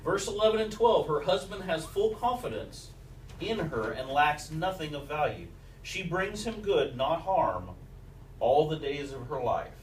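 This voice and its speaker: A man's voice: fairly high pitch, expressive, measured pace, a little hiss or hum. A man preaching a sermon as the pastor, telling stories and quoting scripture along with old sayings of mothers. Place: church sanctuary. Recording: echoey church recorded from a distance.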